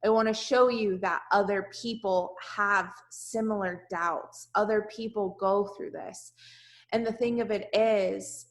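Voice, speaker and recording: A woman's voice: mid-range voice, steady tone, measured pace. A woman leading her team in a direct, emphatic motivational talk on a video call, repeating lines for emphasis. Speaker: team leader.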